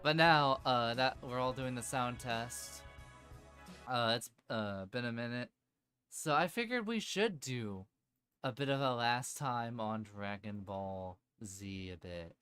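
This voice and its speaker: A man's voice: medium pitch, takes it slowly, clean tone, faint music behind. A man hosting a tabletop game stream, chatting casually before the session with lots of restarts and fillers. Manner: rambling, animated, many filler restarts. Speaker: game master.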